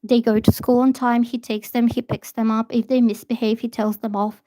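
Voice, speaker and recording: A woman chatting bluntly on a livestream as a tarot reader, telling a story in an animated way. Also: on the high side, normal speed, dry recording. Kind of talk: casual livestream chat. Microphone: phone or laptop.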